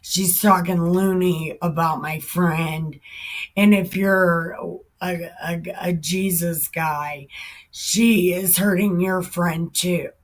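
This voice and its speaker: A woman vlogger rants about scripture in a fairly low, unhurried voice. She swears freely and keeps flaring into loud shouted bursts before settling again. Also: steady tone. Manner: heated, profane, bursts into shouting. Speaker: Bible commentary vlogger. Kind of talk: ranting reaction commentary.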